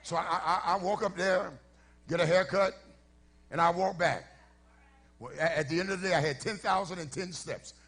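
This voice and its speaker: A middle-aged man, a pastor, telling a story in a sermon before his congregation, shifting from easy conversational talk to shouted preaching. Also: high voice, steady tone, moderate pace, pauses often, husky. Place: church sanctuary before a congregation.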